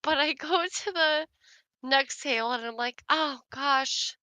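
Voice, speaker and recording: Giggly bright-voiced woman telling a story. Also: high voice, takes it slowly, no room sound. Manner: laughs often while telling a story; chatty, many fillers like "like". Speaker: storyteller chatting with her sister. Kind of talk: casual chat.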